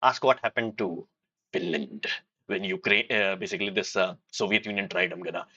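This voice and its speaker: A man's voice: low voice, moderate pace, bright, forceful tone, lo-fi sound. A man hosting a casual livestream, giving rambling, opinionated commentary full of fillers and restarts, mocking his critics in imitated voices. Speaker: livestream host.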